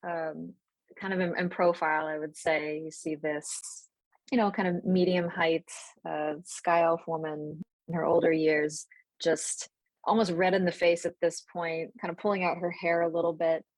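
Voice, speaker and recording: A woman running a tabletop role-play game as game master, describing the scene in a relaxed, loose way. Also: fairly low pitch, moderate pace, dry recording, low-quality recording. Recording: dry close sound.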